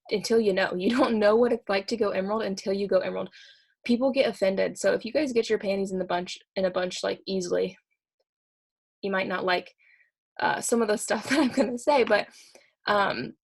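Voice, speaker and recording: A young woman giving a fired-up motivational talk to her sales team, repeating her points with quick laughs. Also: mid-range voice. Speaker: network marketing team leader.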